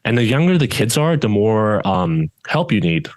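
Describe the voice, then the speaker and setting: Deep-voiced man in casual podcast chat. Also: normal speed, dry recording. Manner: steady tone that does not rise even when louder; rambling, with many restarts and fillers. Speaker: judo instructor and podcast co-host.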